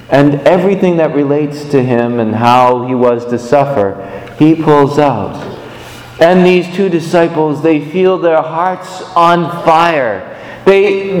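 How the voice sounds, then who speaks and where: Man, fairly high voice, animated sermon storyteller, recorded in a church with long, roomy reverb. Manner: animated storytelling with big pitch swings. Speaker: preacher.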